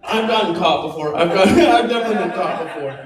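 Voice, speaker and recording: A man's voice: sits high, fast talker. A man doing self-deprecating stand-up, chuckling often between jokes. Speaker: stand-up comic. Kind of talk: stand-up comedy. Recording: roomy club sound from a distance. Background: laughing crowd.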